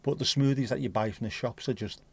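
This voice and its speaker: A man's voice: mid-range voice, fast, slightly rough. A man with a mid-range voice hosts a casual livestream. He chats loosely with his viewers, reads their messages out and answers them, and drops the odd swear word. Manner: chatty, swears casually, answers chat aloud. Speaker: livestream host reading chat. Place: home streaming setup.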